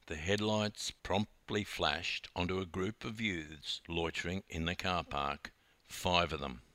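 An Australian man narrating his own memoir with wry, animated storytelling. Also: sits low, a little slow, no echo.

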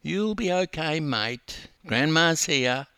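An older man voicing a kindly but firm elderly grandmother who coaxes gently. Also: fairly high pitch, lively intonation, slow, clear, resonant tone, dry recording, studio quality, voice pushed up, full character voice. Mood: coaxing. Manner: coaxing, firm.

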